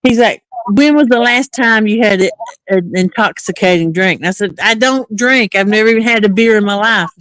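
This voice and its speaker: Woman guest, mid-pitch, casual storyteller who acts out every line of dialogue; dry, close sound. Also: a little fast, no room sound. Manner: animated, acts out quoted dialogue.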